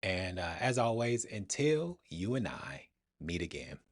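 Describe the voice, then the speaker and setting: A man's voice: low voice, sing-song, measured pace, no echo, studio quality. A male reaction-channel host talking through a TV episode in a casual review, enthusiastic and rambling.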